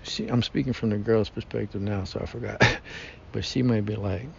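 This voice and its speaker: A man's voice: steady tone, fairly quick, vocal fry. A man talking casually in a rambling, slangy way, full of fillers and restarts. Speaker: podcast host. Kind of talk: casual monologue. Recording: dull lo-fi sound with faint rumble.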